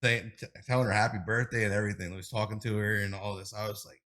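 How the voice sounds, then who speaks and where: A man's voice: on the low side, fast. A man in his thirties, a streamer guest on a podcast, telling long, rambling stories in casual chat with lots of fillers. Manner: rambling, animated storytelling with many fillers.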